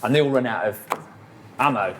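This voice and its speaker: A man's voice: mid-range voice, brisk, background noise. A man, a musician guest telling rambling stories in a casual interview, full of fillers and swearing.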